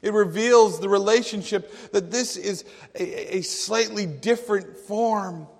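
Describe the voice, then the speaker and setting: A man preaching a sermon, slow and emphatic, with dramatic quotations. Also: sits high, vocal fry. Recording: long hall reverb.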